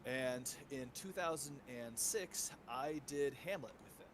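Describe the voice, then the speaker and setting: A man's voice: mid-range voice, measured pace. A man from Oregon co-hosting a livestream, chatting casually with wry, joking remarks. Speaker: livestream co-host. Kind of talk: casual chat. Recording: noisy home mic.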